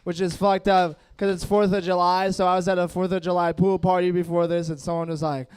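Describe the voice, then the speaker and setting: A young stand-up comic with a noticeable lisp, working the crowd in a loose, self-mocking way and chuckling at his own lines. His voice sits high for a man and comes across smooth and clear. He is on a stage mic in front of a dining audience. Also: flat delivery, fairly quick, darkish tone. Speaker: stand-up comedian. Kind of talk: stand-up set with crowd work.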